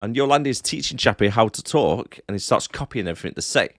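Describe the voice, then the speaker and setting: A man co-hosting a movie podcast, recapping scenes in a relaxed, dryly amused way. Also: mid-range voice, fast, dry recording, clean studio sound. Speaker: podcast co-host. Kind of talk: casual movie-recap chat.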